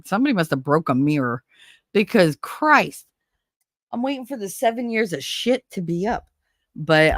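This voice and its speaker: A woman's voice: deep voice, no echo, clean studio sound. A woman hosting a casual livestream, chatting and joking while reading viewer comments, her voice nasal from a stuffy nose. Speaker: host.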